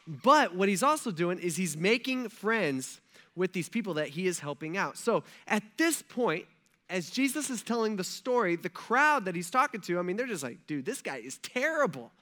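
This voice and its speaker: A man preaching a sermon to his church, retelling a story in a casual, slangy way with quick asides to the congregation. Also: high voice, expressive, sharp tone. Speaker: pastor.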